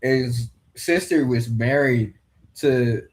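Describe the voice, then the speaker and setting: A man's voice: mid-range voice, slow. Rambling young man. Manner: loose, rambling, swears casually. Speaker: podcast host commentating a fight card. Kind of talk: rambling casual commentary.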